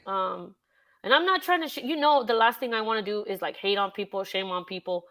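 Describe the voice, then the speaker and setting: A woman's voice: mid-range voice, a little fast, fairly bright tone. A woman hosting a casual true-crime livestream, chatting with a guest, reading out chat and swearing freely. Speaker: livestream host.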